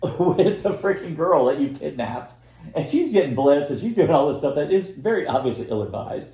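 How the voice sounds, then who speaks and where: A man's voice: on the high side, very animated, normal speed, warm tone, soft background music. A man co-hosting a casual film podcast, talking in a rambling way with many restarts. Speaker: podcast co-host reviewing films. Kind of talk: casual chat. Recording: echoey room.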